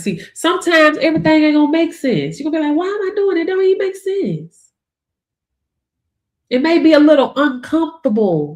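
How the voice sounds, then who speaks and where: Emphatic woman coach, higher voice. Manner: emphatic, colloquial, punchy catchphrases. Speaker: online income coach. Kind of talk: motivational talk.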